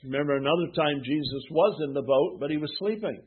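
A pastor preaching a sermon who asks the congregation questions and answers them himself. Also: male voice, a little high, quick pace, slightly rough. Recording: tinny phone-like sound.

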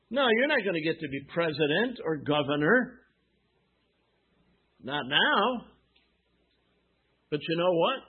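Husky high-voiced preacher on a tinny line. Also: male voice. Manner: emphatic, rhetorical questions and answers. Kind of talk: sermon. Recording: tinny phone-like sound.

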